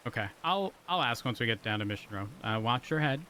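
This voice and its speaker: A man's voice: medium pitch, lively intonation, fast talker, pushed and bright, slight background noise. A man playing a police officer in an online roleplay, talking hesitantly with many fillers and restarts. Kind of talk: in-character roleplay chat.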